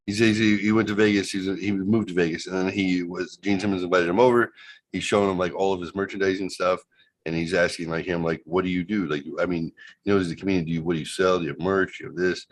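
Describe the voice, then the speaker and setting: Man, deep voice, casual podcast banter, rambling storyteller. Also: fairly even intonation, fast. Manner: rambling, joking, fake ad taglines. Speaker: podcast co-host.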